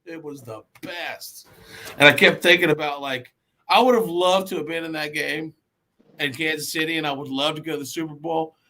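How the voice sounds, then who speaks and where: Excited gravelly-voiced man. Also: a little high, normal speed. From Cincinnati area. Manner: animated storytelling, says man a lot. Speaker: caller on live video chat. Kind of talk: excited casual chat.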